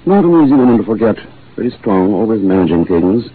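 A mild, hesitant old professor of botany with a quietly sinister undertone. His low voice rises and falls widely. It is heard through a thin, phone-like old radio broadcast with a faint hiss. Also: sing-song, quick pace, slightly rough. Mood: wistful. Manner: hesitant, soft-spoken, quietly menacing. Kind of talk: 1940s radio acting.

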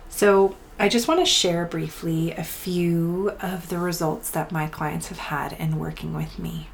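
A woman in her thirties hosting a spiritual healing podcast, talking softly and often dropping to a whisper, with blunt swearing mixed in. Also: lowish voice, fairly even intonation, measured pace, a little hiss or hum. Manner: soft, breathy delivery slipping into whispers, blunt swearing. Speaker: podcast host and healing coach. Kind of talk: intimate spiritual podcast talk.

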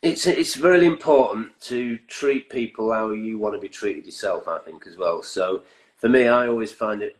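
A man in his fifties from northern England chats as a guest in a relaxed, easygoing way. His humour is dry and his voice sits fairly low. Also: normal speed, low-quality recording. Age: 50s. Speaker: guest musician. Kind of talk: casual interview chat.

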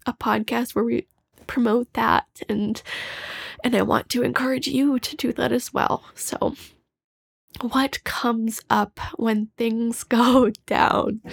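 Creaky-voiced woman hosting a personal podcast. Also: fairly high pitch. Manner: candid and emotional, laughs often; soft, reflective delivery. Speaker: podcast host; health coach. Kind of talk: casual personal podcast monologue.

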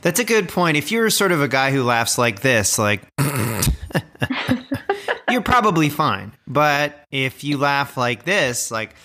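Slow, bright-voiced male podcast host. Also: mid-range voice, sing-song. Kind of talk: casual podcast chat. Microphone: remote call.

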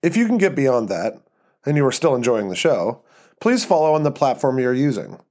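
Man, podcast host, scripted narration, even measured storytelling, mid pitch.

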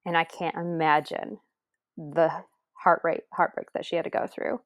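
Brief: low, dry-voiced woman, earnest and tender personal storytelling, sometimes hushed. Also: level tone, normal speed, no echo. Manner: earnest, tender, drops to near-whisper at moments. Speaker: adoptive mother guest.

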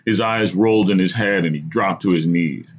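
A deep-voiced man tells a story in first person, his husky tone dipping and rising with lively expression. He narrates with dramatic, vivid storytelling. The recording sounds dull and lo-fi. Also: moderate pace. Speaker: podcast host.

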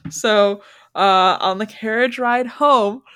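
A woman co-hosting a casual book discussion podcast, talking animatedly and acting out characters in quick voices. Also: fairly high pitch, fairly bright tone, smooth. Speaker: podcast co-host.

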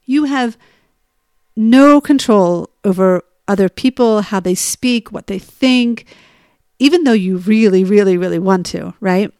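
A woman coach telling a personal story and drawing a lesson from it, in an animated way with frequent laughter. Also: medium pitch, unhurried, no room sound, clean studio sound. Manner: animated, acts out dialogue, laughs often. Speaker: coach on getting unstuck. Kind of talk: storytelling monologue with advice.

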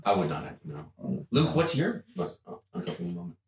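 A man's voice: low voice, very animated, brisk, a little hiss or hum. A man co-hosting a podcast in casual chat, playful and teasing, recorded in a roomy space. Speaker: podcast co-host. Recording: roomy echo.

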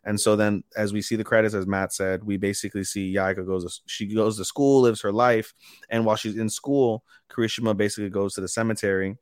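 A man co-hosting a casual anime podcast, retelling scenes with animated quoted lines. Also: on the low side, brisk, clear, resonant tone, no room sound, studio quality. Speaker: podcast co-host.

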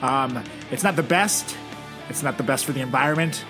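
A young man hosting a casual comedy chat, telling crude absurd jokes in a deadpan way and laughing at his own bits. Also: fairly high pitch, normal speed. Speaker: podcast host. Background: music.

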